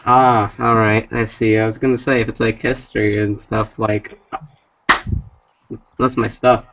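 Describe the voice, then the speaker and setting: A man's voice: lowish voice, little pitch movement, unhurried, lo-fi sound, background noise. A man joining a casual livestream chat as a guest, joking and playful.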